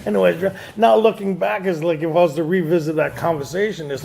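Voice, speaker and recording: A man's voice: a little high, fairly quick, gravelly, a little mellow, a little hiss or hum. A man speaking to a recovery meeting audience, a joking storyteller who laughs often at his own lines. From Canada.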